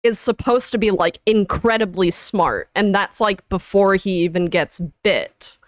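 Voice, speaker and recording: A woman's voice: mid-range voice, a little slow, no echo, clean studio sound. A woman in casual chat as a stream co-host, chatty with many fillers.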